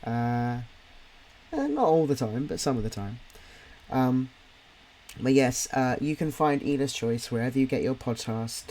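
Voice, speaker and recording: A man's voice: mid-range voice, expressive, measured pace, darkish tone. A man with a slight Cockney accent from near London, chatting casually on a live drawing stream, rambling with lots of fillers and restarts. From near London, England. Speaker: stream co-host and podcast writer.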